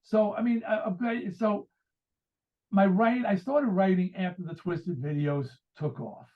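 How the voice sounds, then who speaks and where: A man's voice: high voice, unhurried. A man in his sixties from the United States, a guest author and musician, telling rambling stories and acting out quoted dialogue. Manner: rambling storyteller who acts out quoted dialogue. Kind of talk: casual interview conversation. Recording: tinny phone-like remote line.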